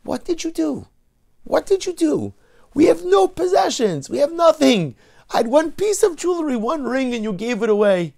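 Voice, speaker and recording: Guy doing a super high shrill rabbi's wife yelling at her husband, loud and scolding. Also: big pitch swings, normal speed, gravelly, exaggerated voice. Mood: upset scolding. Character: distraught poor rabbi's wife, middle-aged woman.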